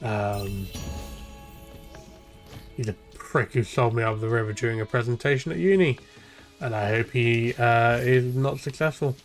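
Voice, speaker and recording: A young man talks over his gameplay in a loose, wandering stream of commentary. He drifts from one thought to the next and drops casual swearing along the way. His voice sits at an ordinary middle pitch, with faint game music running behind it. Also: unhurried, pauses often. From half Irish, half English. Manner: rambling, chatty, swears casually.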